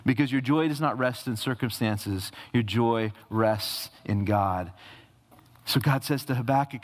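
A man's voice: mid-range voice, a little slow. A male pastor preaching a sermon, asking rhetorical questions and repeating phrases for emphasis. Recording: reverberant hall.

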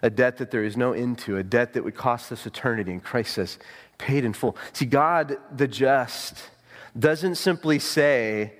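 A man preaching a sermon, swinging between high, ringing emphasis and hushed, low tones. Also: measured pace. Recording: long hall reverb.

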